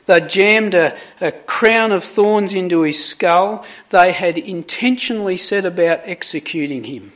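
A man's voice: high-pitched, fairly bright tone. A man preaching a sermon, reading scripture aloud with dramatic emphasis on the quoted words before reflecting on them. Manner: slow, deliberate, dramatic emphasis on quoted lines.

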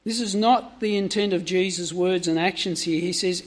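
A male preacher with a higher-register voice delivers a sermon at normal speed, peppering the congregation with direct questions.

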